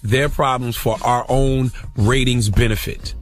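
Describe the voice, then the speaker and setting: A man's voice: medium pitch, steady tone, unhurried, faint music behind. A man co-hosting a morning radio show, joking bluntly and cutting in with teasing remarks. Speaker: radio co-host.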